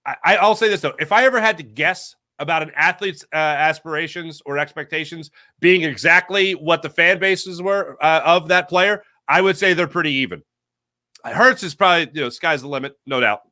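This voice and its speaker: A man hosts a loose sports talk stream, working through viewer comments with rambling, jokey asides and quick self-corrections. His voice sits a little higher than most men's. The sound is dry and close, with no room around it. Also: sharp tone, no echo. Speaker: sports talk show host. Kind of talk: casual live-stream chat reading viewer comments.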